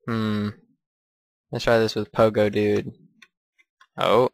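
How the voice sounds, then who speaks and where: A man's voice: on the low side, flat delivery, takes it slowly, gravelly, pauses often. A man giving crude, profane let's play commentary while gaming. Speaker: gamer.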